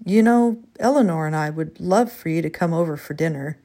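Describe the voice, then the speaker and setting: A woman's voice: deep voice, brisk, warm tone. A woman voicing an earnest, shy elderly man who solemnly names birds. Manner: solemn, reverent naming of birds.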